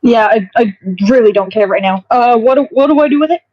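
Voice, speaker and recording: A woman player in a tabletop game, casual and quick to laugh. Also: on the high side, no room sound, muffled recording.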